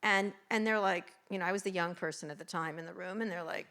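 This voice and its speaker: A woman's voice: fairly low pitch, steady tone, fairly bright tone. A woman in her sixties, a journalist, telling wry, blunt stories in a talk on a live event stage. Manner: wry, blunt, quick storytelling. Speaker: journalist guest speaker.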